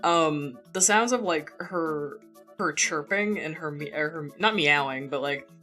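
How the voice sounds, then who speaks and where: Low-voiced woman chatting on stream. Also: measured pace, sharp tone. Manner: chatty, rambling, laughs often, self-interrupting. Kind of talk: casual live-stream chat. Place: home room. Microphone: borrowed desk mic. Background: faint background music.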